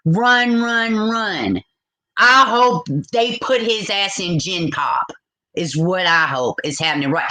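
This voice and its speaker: A woman's voice: on the high side, pushed and bright, poor audio. A woman in her forties hosting a live call-in stream, blunt and outspoken as she reads viewer comments aloud. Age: 40s. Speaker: livestream host.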